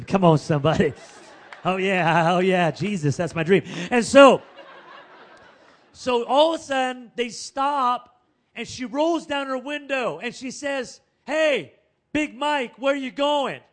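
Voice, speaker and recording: A male pastor telling a story in a sermon, chatty and animated, with laughing asides and calls to the congregation. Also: very high voice.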